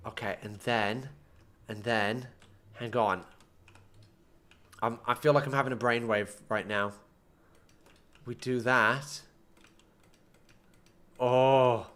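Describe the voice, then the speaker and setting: A man's voice: medium pitch, steady tone, slow pace, pauses often, fairly bright tone. A young man commenting casually on his own gameplay, muttering to himself and breaking into frustrated outbursts. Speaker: gaming streamer.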